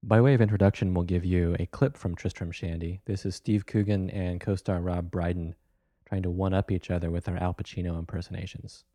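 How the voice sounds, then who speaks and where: Hosting a radio film show, a man introduces the guest and a clip in a deep, mellow voice. He sounds relaxed, conversational and brisk, with a few fillers, and the recording is dry and close with no echo.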